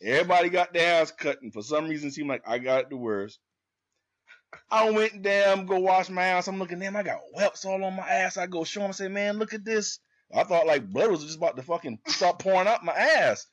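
A man telling a profane, animated story in casual podcast chat. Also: sits high, brisk. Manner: profane, animated storyteller who acts out quotes.

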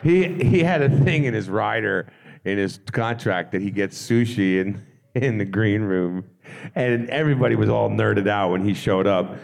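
A man on a convention panel telling funny backstage stories, excitable and laughing, with casual swearing. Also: on the low side, normal speed, vocal fry. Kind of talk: animated anecdote telling.

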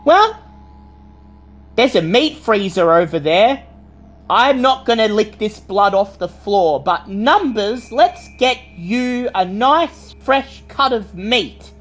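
A woman's voice: a little high, lively intonation, slow, faint music behind, pitched above the performer's own voice. A woman voicing an eerie little girl of about seven who talks in a playful sing-song. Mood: cheerful.

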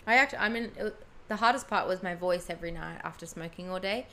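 A woman's voice: on the low side, fast, sharp tone. A young Australian woman, an actress, chatting about her work and laughing often as she tells stories. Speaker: actress guest. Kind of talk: casual chat. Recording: faint background noise.

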